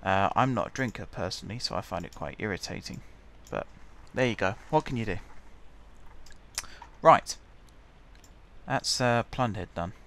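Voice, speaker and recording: A man's voice: lowish voice, a little fast, hardly any pauses, fairly bright tone. A man chatting casually as he plays a building game, muttering to himself while he builds. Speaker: gaming channel host.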